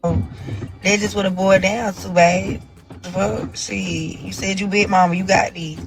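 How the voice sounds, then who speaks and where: A woman's voice: mid-range voice, fairly even intonation, moderate pace, over music, low-quality recording. A woman ranting on a live stream in a defensive, profane, rambling way. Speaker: reality show personality. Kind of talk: casual live-stream rant.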